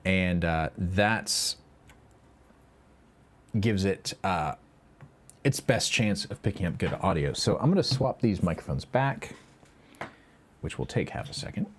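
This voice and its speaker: A man's voice: sits low, lively intonation, unhurried, pauses often, slight background noise. A man with a Midwestern American accent, hosting a casual live stream and chatting with viewers, rambling with fillers and chuckles on a close mic. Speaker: livestream host. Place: home project room. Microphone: dynamic or lavalier mic, close.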